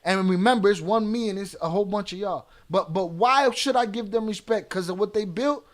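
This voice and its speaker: A man's voice: high-pitched, brisk. A middle-aged man hosting a live stream, talking bluntly and profanely as he rants back at his chat. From United States.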